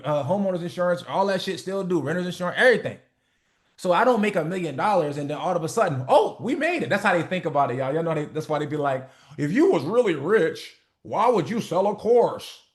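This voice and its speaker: A man hosting a motivation call, talking in a blunt, profane, preachy way and acting out the people he quotes. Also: fairly high pitch. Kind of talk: casual motivational talk.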